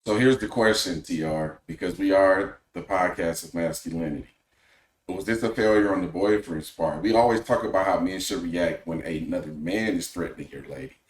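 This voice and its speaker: A man hosting a podcast, giving measured, opinionated casual commentary. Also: low-pitched, reverberant. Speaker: podcast host.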